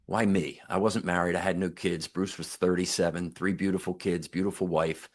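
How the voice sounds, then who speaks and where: A man's voice: low voice, little pitch movement, brisk. An older man, a guest on an interview podcast, earnestly retelling a near-death story and voicing the people in it. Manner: earnest, reflective, retells dialogue with emphatic quotes.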